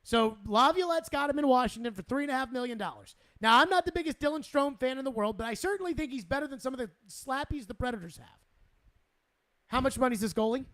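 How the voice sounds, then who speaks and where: A man's voice: very high-pitched, fast, a bit bright. A man hosting sports talk radio, exasperated and sarcastic, repeating himself as he rants.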